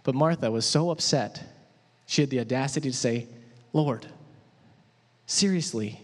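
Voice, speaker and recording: A man preaching a sermon in a conversational, animated way, asking his audience questions. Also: medium pitch, fairly quick. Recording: echoey hall.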